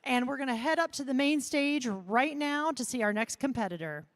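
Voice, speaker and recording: Female live-stream host; high pitch, upbeat friendly chat. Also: expressive, normal speed. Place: live desk at a convention.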